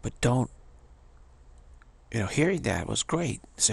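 An older man with a gravelly, husky voice gives a meditative spiritual teaching, speaking haltingly with frequent restarts and pauses. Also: medium pitch, a bit bright.

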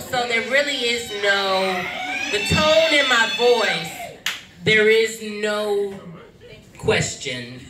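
A woman's voice: medium pitch, animated, extremely slow, distant mic, noisy background. A woman from Alexandria co-hosting a comedy panel, telling stories in a spirited, laughing way. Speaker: comedy show co-host. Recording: echoey live venue, mic from afar, crowd.

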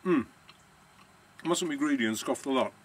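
A man's voice: mid-range voice, animated, normal speed, slight background noise. Chatty man tasting olive oil. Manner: chatty, savouring, self-deprecating. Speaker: villa rental owner. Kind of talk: casual vlog.

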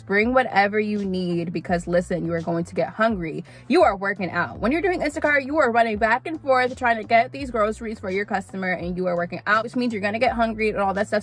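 A young woman talks straight to camera in a casual tips vlog, chatty and animated, often calling her viewers honey. Her voice sits at a middling pitch and she repeats key lines for emphasis. Soft music plays faintly underneath. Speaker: vlogger giving gig-work tips.

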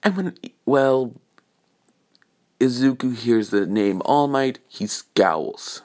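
A young man improvising a fan-fiction story aloud, rambling with many fillers and restarts, dropping into a slow, menacing tone for the hero's lines. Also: mid-range voice, darkish tone.

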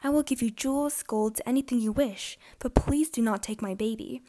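A woman's voice: a little high, moderate pace, mellow, lightly acted. Woman reading as an earnest young queen. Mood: pleading. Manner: earnest, pleading and questioning. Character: young miller's daughter turned queen, earnest. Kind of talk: children's storybook reading.

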